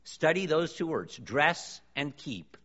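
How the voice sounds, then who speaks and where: A man's voice: fairly high pitch, sing-song, takes it slowly, a bit bright. A man preaching a sermon to a congregation, emphatic and full of rhetorical questions. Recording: long hall reverb, dull lo-fi sound.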